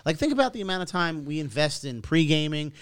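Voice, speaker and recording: A man's voice: fairly high pitch, sing-song, fast talker, a bit bright, clear, resonant tone, no room sound. A man co-hosting a podcast, casually chatting and reading out donations with a laid-back, profane manner. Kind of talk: casual chat.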